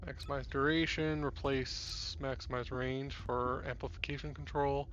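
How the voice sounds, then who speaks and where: A man talking over an online voice chat while gaming, thinking aloud and pausing often to find words. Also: medium pitch, little pitch movement, a bit bright, muffled recording, a little hiss or hum. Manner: halting, thinks aloud about builds. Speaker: co-player. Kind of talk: casual gameplay chat.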